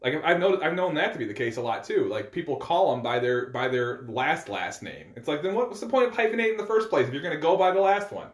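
A man's voice: a little high, expressive, fast, hardly any pauses. A man co-hosting a podcast, chatting in an easygoing, reflective way with filler words. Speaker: podcast co-host. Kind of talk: casual chat. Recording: roomy echo.

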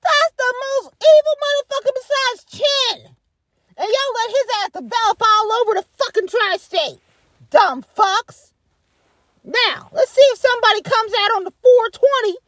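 A woman's voice: very high-pitched, fairly bright tone, no echo. A woman delivering a blunt, profane ranting monologue, repeating herself for emphasis.

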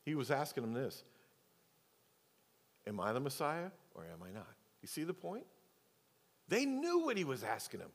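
A man preaches from the pulpit, his fairly high voice rising into emphatic declarations and dropping into low, confiding asides. His words ring out with a long reverb that fills the church sanctuary. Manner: swings between loud emphatic preaching and quiet, low asides. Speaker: pastor. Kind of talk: sermon.

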